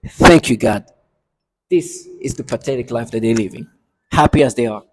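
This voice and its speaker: A man's voice: medium pitch, normal speed, slight background noise. A man delivering an agitated, repetitive rant to camera from his apartment, with bitter laughs. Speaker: vlogger. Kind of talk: angry monologue to camera.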